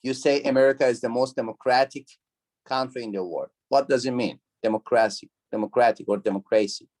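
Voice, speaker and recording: A man's voice: mid-range voice, fairly quick, darkish tone. A man teaching an online university class. He repeats key words, asks the students questions, and speaks with non-native phrasing. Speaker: university lecturer. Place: video call.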